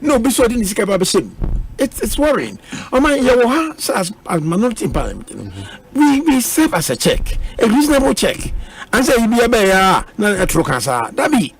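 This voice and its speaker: Ghanaian guy on a radio panel, high voice that jumps all over, switching twi and english. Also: a little fast, husky. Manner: animated, mixes Twi and English. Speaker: politician, minority member of parliament.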